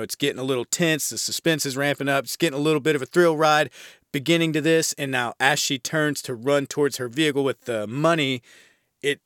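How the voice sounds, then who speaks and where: A man's voice: medium pitch, fairly bright tone, no room sound, clean studio sound. An American man hosting a horror film podcast, giving a casual, rambling film review and swearing freely.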